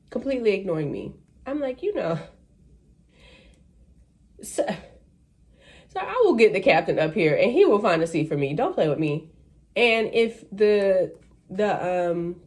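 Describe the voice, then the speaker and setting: A woman, a flight attendant, telling a story in a casual ranting vlog and acting out the people in it. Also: medium pitch. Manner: animated, acts out voices of people in the story. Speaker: vlogger.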